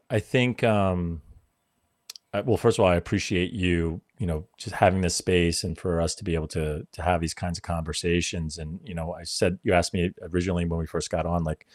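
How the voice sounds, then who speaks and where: Deep-voiced guy in his 40s, swearing, acting out quotes, dead dry sound. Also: no room sound. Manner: animated, swearing, acts out quotes. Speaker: podcast guest. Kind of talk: casual storytelling.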